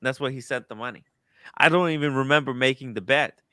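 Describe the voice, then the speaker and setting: An excitable male streamer with a bright, forceful voice, talking in loose, swearing asides. The sound is dry and close, with no room around it. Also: medium pitch, brisk, clear, resonant tone, dry recording. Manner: excitable, swears, reacts loudly to a video. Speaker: streamer host. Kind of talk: casual live-stream commentary.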